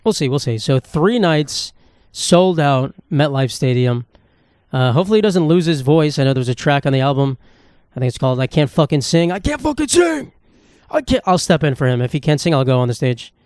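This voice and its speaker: Fast-rambling profane man hosting a podcast. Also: medium pitch, a little mellow, smooth, dry recording, studio quality. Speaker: podcast host. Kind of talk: casual solo comedy podcast monologue.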